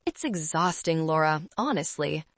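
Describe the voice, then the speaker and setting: A woman's voice: deep voice, expressive, moderate pace, no echo. A woman voicing a scornful young bride-to-be who talks down to people in a sneering, condescending way.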